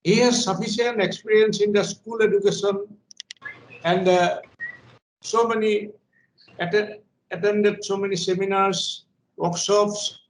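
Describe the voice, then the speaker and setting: High-voiced man, formal intro. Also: reverberant, low-quality recording. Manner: formal, halting, restarts words. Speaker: workshop coordinator introducing speaker.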